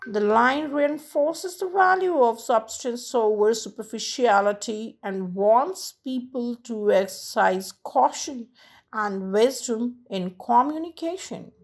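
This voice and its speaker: A woman teaching a literature lesson, reading slowly and deliberately and tapping out verse rhythms syllable by syllable. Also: a little high. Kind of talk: slow, read-aloud lesson.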